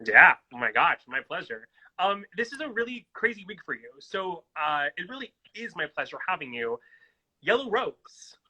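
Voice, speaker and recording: A man's voice: on the high side, sing-song, moderate pace, sharp tone, breathy edge, poor audio. A man hosting a casual live-stream interview from home on his phone, gushing and chatty. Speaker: host. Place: at home in New York. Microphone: phone on a social-media live stream.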